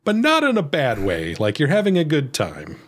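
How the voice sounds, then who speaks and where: Animated man laughing through a movie chat. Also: moderate pace. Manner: laughs often, lively swings in pitch. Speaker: podcast co-host. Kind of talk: casual movie-discussion chat.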